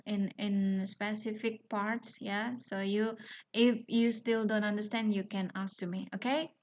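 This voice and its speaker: Slow, careful woman teacher, lo-fi audio. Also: medium pitch. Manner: slow, careful explaining with many fillers and "yeah?" checks. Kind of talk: recorded online lesson. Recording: dull lo-fi home video audio.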